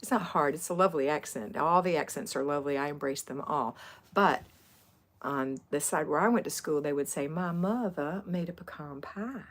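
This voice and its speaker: A woman's voice: low voice, fairly quick, fairly bright tone. A middle-aged woman from Florida hosting a homemaking livestream, chatting casually and rambling as she answers viewers' comments. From Florida, USA.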